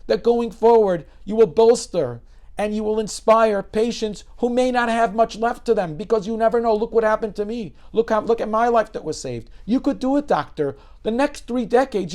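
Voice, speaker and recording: A man voicing a grateful Hasidic man who urges a doctor with fervent insistence, pitched well above his own voice. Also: expressive, quick pace, hardly any pauses, a little mellow, close to an everyday voice. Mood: fervent urging. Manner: pleading, insistent exhortation.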